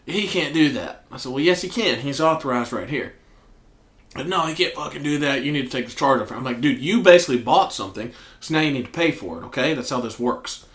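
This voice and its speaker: Southern man, podcast co-host, cussing storyteller, mid pitch, roomy echo. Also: fast. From American South. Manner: profane, animated storyteller acting out quotes. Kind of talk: casual storytelling chat. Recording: echoey room.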